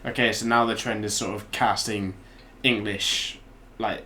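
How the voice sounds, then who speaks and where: A man's voice: on the low side, fairly even intonation, unhurried, bright, forceful tone, a little hiss or hum. A man co-hosting a casual podcast chat, rambling and restarting his thoughts. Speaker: podcast co-host.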